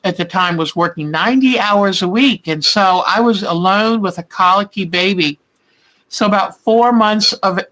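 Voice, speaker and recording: A woman's voice: lowish voice, fairly bright tone, low-quality recording. An older woman hosting a quilting channel, chatting casually and heartfelt with her viewers, calling them by name and often laughing with emotion. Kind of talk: casual live chat with viewers.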